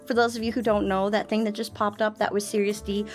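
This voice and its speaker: A woman streamer chatting casually on a live stream, playful and teasing, laughing often and breaking into sing-song and shouty squeals, on a boom mic. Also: flat delivery, quick pace, over music.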